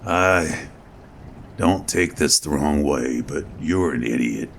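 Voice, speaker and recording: A man's voice: a bass voice, slow pace, a little hiss or hum, full character voice. A man voicing a blunt, foul-mouthed soldier who is the narrator's weary best friend, in a spoken horror story. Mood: earnest. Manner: gruff and blunt.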